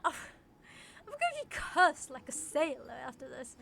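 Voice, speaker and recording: A woman's voice: high voice, very animated, unhurried, gravelly, sharp tone. A woman streamer in casual chat, reading and answering her chat in a playful, rambling, giggly way. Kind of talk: casual chat reading out chat messages while gaming.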